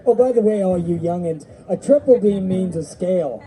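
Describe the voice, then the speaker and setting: A man's voice: sits high, normal speed, mellow, a faint crowd, rough recording. A middle-aged man emceeing an outdoor festival stage with rambling, joking banter and stories.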